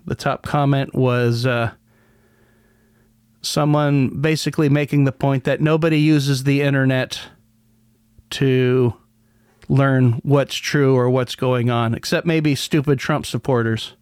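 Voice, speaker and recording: A man's voice: medium pitch, steady tone, slow, a little mellow, clear, resonant tone, dry recording, studio quality. A man hosting a casual solo podcast, rambling with many restarts and a sardonic edge. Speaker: podcast host.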